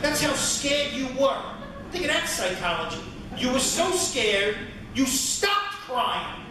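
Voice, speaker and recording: A man doing a stand-up comedy routine on a club stage, ranting and building to shouted punchlines. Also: very high-pitched, sing-song, slow. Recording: echoey club from far off with loud audience noise. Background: audience ambience.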